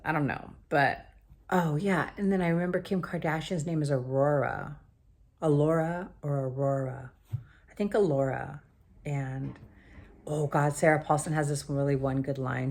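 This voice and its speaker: Low-voiced woman rambling through a show recap. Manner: rambling, drops to quiet mumbled asides. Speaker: TV recap vlogger. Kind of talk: casual chatty show recap.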